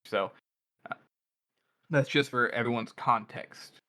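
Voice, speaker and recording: A male podcast co-host with a bright, forceful voice at a middle pitch. He explains things step by step, hedging with "uh" and "like" as he goes. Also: takes it slowly. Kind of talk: casual book discussion.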